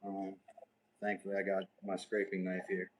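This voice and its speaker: A man hosting a live crafting stream from his workshop, thinking aloud in an unhurried way and muttering to himself as he works. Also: low voice, monotone, very noisy. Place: home workshop.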